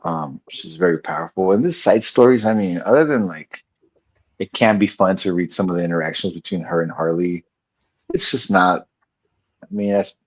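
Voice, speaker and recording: A man with a deep, husky voice chats on a podcast panel in a hesitant way, trailing off between thoughts. His sound comes through muffled and lo-fi, and the room is very dry. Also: no echo. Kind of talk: casual chat.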